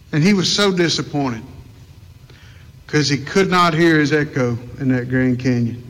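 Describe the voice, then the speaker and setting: A man preaching a sermon, telling a folksy story with drawn-out emphasis before reading scripture. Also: high voice, fairly bright tone, big-room sound, poor audio. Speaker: pastor.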